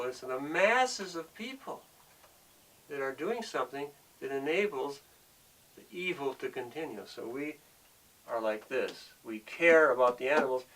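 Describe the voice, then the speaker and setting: A man's voice: medium pitch, fairly bright tone, recorded from a distance, rough recording. A man delivering an earnest, preachy monologue, often repeating himself as he presses his point. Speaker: speaker of the show.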